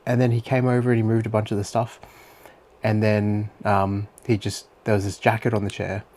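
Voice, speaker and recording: In a level tone at a moderate pace, a young Australian man with a darkish, low-leaning voice chats through his day for his vlog. He rambles diary-style, leaning on lots of fillers and swearing now and then.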